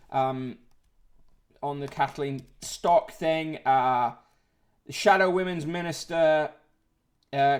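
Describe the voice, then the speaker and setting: A man's voice: a little high, slight background noise. A man hosting a casual livestream, reading out newspaper headlines and chat comments with sardonic asides, swearing and frequent fillers. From United Kingdom.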